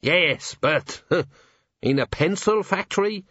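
A man's voice: sits high, expressive, takes it slowly, a bit bright, no echo, voice pushed up, full character voice. Tired male dwarf officer, exasperated, a man doing him; dull, dry recording.

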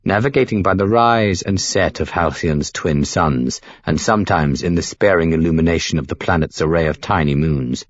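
A man narrating a novel in a measured, scripted storytelling delivery. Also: low voice, dry recording, highs cut off. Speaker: audiobook narrator.

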